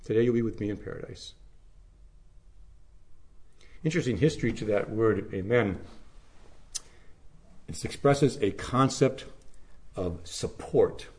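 A male pastor preaching a sermon, moving from quiet reflective questions to fervent, emphatic repetition. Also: on the low side, moderate pace, pauses often.

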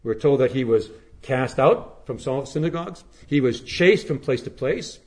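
A male pastor delivering a slow, emphatic sermon, letting his phrases fall to a hush at the ends. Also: mid-range voice, animated. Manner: slow, emphatic preaching with hushed, falling phrase endings.

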